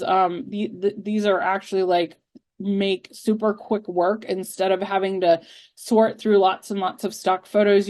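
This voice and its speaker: A woman presenting a webinar in a loose, chatty way, with a voice pitched a little high. She drifts into side stories and fills pauses with ums as she walks through her screen. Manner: chatty and rambling, with frequent fillers and asides. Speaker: webinar host. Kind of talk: casual screen-share presentation.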